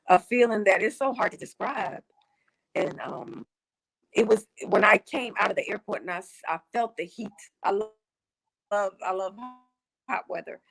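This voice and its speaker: Woman, interview guest on a video call, emotional, halting delivery. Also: medium pitch, creaky, poor audio. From United States. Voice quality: emotional, halting with many restarts. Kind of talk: casual remote interview.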